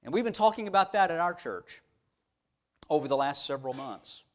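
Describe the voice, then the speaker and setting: A man's voice: a little high, fairly quick. A man preaching a sermon, telling stories in a folksy way with many restarts. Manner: animated, folksy, with repeated restarts. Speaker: pastor. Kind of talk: storytelling sermon.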